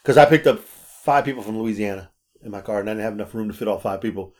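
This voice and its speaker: A man telling stories in a casual chat, animated and swearing freely. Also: on the low side, fast. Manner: animated storyteller, acts out quotes, swears freely. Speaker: podcast co-host.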